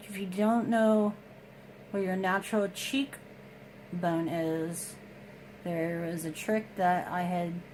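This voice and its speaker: A woman with a lowish voice gives a casual makeup tutorial at home. She talks slowly and chattily through each step and pokes fun at herself. A faint hum sits in the background. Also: low-quality recording. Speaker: beauty vlogger.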